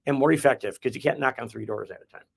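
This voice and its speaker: A man's voice: medium pitch, very fast, creaky, breathy edge. A man from the Midwest hosting a real estate podcast, explaining his methods in a folksy, rambling way with restarts. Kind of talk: casual podcast chat.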